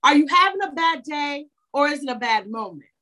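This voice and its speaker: A woman putting on the voice of a loving old grandmother who gently scolds and coaxes in a high, sing-song way. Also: lively intonation, fairly quick. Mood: coaxing.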